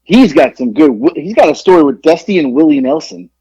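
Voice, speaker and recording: Guy rambling thru a wrestling-style story, swears a lot, bit high voice, dull dry mic. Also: lively intonation, a little fast, warm tone, breathy edge, no room sound. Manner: rambling, profane, restarts a lot. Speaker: podcast co-host. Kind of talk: casual storytelling chat. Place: home studio in Georgia.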